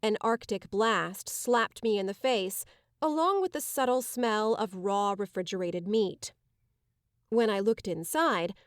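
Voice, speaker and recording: A woman giving measured, dramatic first-person narration of an audiobook. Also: fairly high pitch, no echo, clean studio sound.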